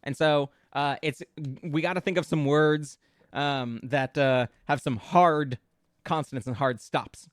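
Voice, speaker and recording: A playful male streamer with a fairly high voice, chatting loosely with his viewers and thinking out loud as he tosses around word ideas. He talks close to the mic in a dry, dead room. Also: fairly even intonation, unhurried, no room sound. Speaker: VTuber streamer. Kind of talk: casual live-stream chat with viewers.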